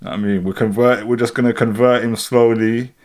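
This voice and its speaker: A man in his thirties with a London accent, hosting a casual live stream, reacting to a song and reading out viewer comments in a relaxed, rambling way. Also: medium pitch, moderate pace. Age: 30s. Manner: relaxed, rambling, keeps saying "do you know what I'm saying". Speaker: livestream host.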